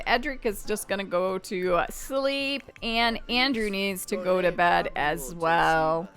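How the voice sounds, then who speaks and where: A woman casually narrating a life-simulation game, chatty and expressive, talking to the characters and the game as she plays. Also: mid-range voice. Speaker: game streamer. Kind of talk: casual let's-play narration.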